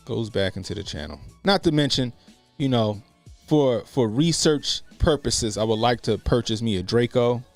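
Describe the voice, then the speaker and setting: Gravelly man ranting on a livestream. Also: mid-range voice, lively intonation, normal speed, soft background music. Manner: laughs often, rambling and profane. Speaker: livestream commentary host. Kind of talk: casual profane livestream commentary.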